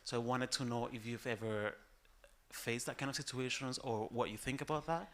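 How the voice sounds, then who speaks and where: A man's voice: medium pitch, fairly even intonation, moderate pace, a bit bright. A man from Spain, a native Spanish speaker with a Spanish accent, politely and hesitantly putting questions from the audience. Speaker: audience member asking questions.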